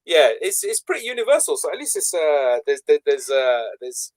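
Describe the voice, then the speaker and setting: A man's voice: on the high side, sing-song, normal speed. An English man hosting a casual online talk show, rambling with restarts and laughing as he goes. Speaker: show host. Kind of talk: casual debate chat.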